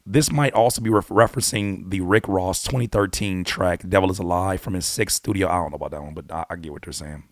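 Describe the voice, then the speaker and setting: A man hosting a casual live reaction stream, swinging between loud excited outbursts and low muttering, mixing read-out notes with slangy commentary. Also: moderate pace, no room sound, studio quality. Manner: mixes reading annotations aloud with slangy commentary. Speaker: YouTube host reacting to a song.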